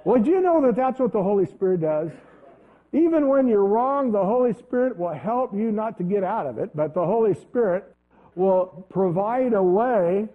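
High-voiced preacher on tinny lo-fi audio. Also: male voice, animated. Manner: conversational, storytelling, halting restarts. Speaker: pastor. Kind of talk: sermon with personal story.

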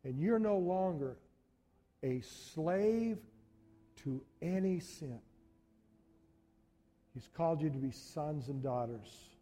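A man preaches to his congregation with a voice pitched higher than most men's. He tells his stories with lively, animated energy and often calls out to the listeners. His voice climbs higher when he presses a point. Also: takes it slowly, long pauses. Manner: animated storytelling, addresses congregation as folks. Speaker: pastor. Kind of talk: sermon. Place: church.

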